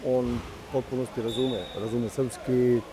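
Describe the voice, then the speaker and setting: A man coaching water polo, answering interview questions in a measured way, often repeating words as he thinks aloud. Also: medium pitch, level tone, noisy background.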